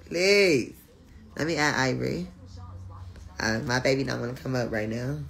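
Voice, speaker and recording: A woman hosting a casual live stream, chatting with viewers. She laughs often, swears freely and teases in a loud, playful way. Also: rumbling low, animated, normal speed, creaky.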